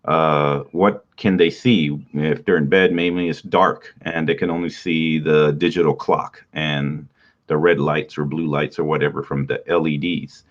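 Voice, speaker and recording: A man with a low, deep voice teaches in a loose, casual way, chuckling now and then. His nose is stuffy, and the recording sounds dull and lo-fi. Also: a little slow. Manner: relaxed, rambling, laughs often. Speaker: writing podcast host.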